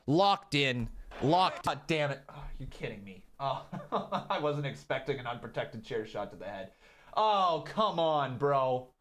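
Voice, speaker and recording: A man reacting to wrestling clips in a casual, self-mocking way, often yelping and shouting. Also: medium pitch, unhurried. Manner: excitable, yelps and shouts in reaction. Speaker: wrestling YouTuber.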